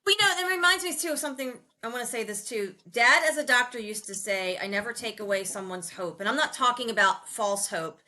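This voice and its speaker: A woman hosting a podcast, sharing memories in a lively, emotional way and laughing often. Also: fairly high pitch, fairly quick, hardly any pauses. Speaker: podcast host. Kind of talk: casual chat.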